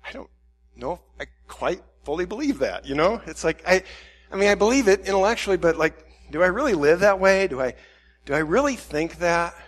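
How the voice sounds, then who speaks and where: A man's voice: high voice, expressive, a little fast. A man preaching a candid, self-questioning sermon and voicing his own inner dialogue. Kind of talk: reflective sermon.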